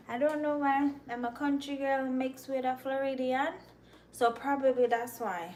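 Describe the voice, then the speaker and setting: A woman's voice: high-pitched, steady tone, normal speed, darkish tone, slight background noise. A young Jamaican woman with a Jamaican accent, chatting with viewers on a cooking livestream and answering their comments. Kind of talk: casual live-stream chat while cooking.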